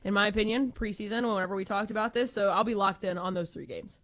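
A woman from Texas co-hosting a sports talk show, animated and emphatic, with playful jokes. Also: medium pitch, fast. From Texas, United States. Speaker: sports radio co-host.

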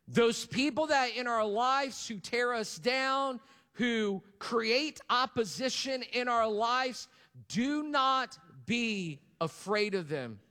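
A man's voice: very high voice, animated, slow pace, bright, forceful tone. A male pastor preaching a sermon to his congregation, asking for responses and repeating key lines for emphasis. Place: church hall. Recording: long reverb of a large hall.

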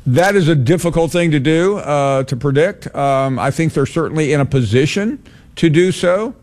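A man's voice: a little high, animated, normal speed, a little mellow. A man hosting a sports call-in radio show, answering callers with lots of hesitation. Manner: hesitant, many uhs.

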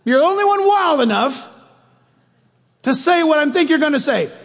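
A man voicing a big, burly, bumbling fisherman who speaks out boldly, loud and eager, with a raised pitch. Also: expressive, moderate pace, long reverb tail.

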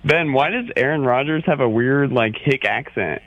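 A man's voice: medium pitch, moderate pace. A man from Orange County calling in to a radio show, needling the host in teasing banter. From Orange County, California. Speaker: caller. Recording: tinny phone line.

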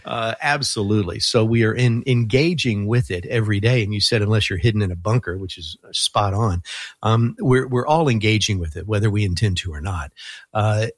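A man talking as a guest on a Christian radio show, in relaxed and thoughtful casual talk, with many fillers and restarts and frequent chuckles. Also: on the low side, a little fast, no echo. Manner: chuckles often while talking.

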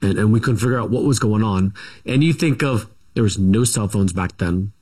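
Rambling low-voiced man telling stories. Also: darkish tone. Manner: rambling, halting, full of asides. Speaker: guest. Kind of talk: casual storytelling interview.

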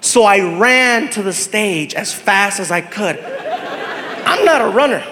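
Man, stand-up comedian, high voice, animated, laughing, echoey hall. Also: measured pace, a crowd in the background, noisy background. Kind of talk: stand-up storytelling.

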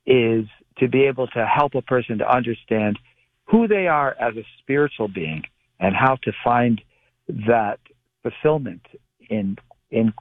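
A man calls in to a radio show and speaks over a narrow, tinny phone line with a dry sound and no room echo. He has a middle pitch and explains things in a measured, patient way. He often stops and restarts his phrases. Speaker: palmistry guest. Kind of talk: call-in radio interview. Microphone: telephone.

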